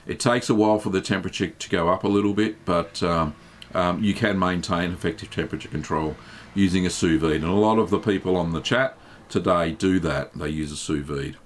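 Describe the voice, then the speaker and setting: A man hosting a live stream, reading viewers' questions aloud and answering them in a relaxed, chatty way with plenty of ums. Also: low voice, fairly quick, slight background noise. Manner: relaxed and chatty, reads chat messages aloud, many um fillers. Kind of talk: casual live Q&A chat.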